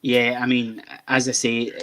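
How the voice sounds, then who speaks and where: A young Scottish man hosts a casual football chat show, rambling and repeating words at the start of each thought. He speaks a little slowly in a monotone, with a medium pitch and a bright, forceful tone.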